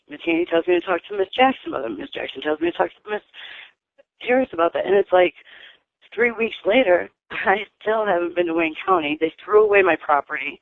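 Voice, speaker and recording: Angry caller on a tinny phone line. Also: female voice, medium pitch, vocal fry, no echo. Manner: angry, profane, rapid venting. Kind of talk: venting phone call to a radio show. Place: residential treatment facility.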